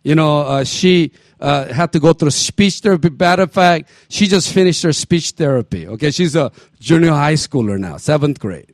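A man's voice: on the high side, expressive, moderate pace, dry recording. A middle-aged man preaching a sermon as pastor, emphatic, repeating phrases and asking his congregation questions.

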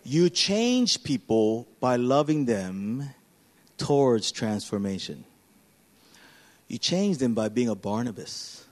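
A man, a pastor, preaching an animated sermon that swings from loud, emphatic passages to hushed, quiet ones. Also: mid-range voice, slow pace.

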